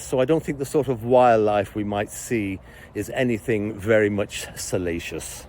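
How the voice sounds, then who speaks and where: A man's voice: fairly low pitch, normal speed, a little mellow, slight background noise. An Englishman with a jokey, rambling manner, chatting to viewers on a walking tour through a town park, recorded on a handheld camera while walking.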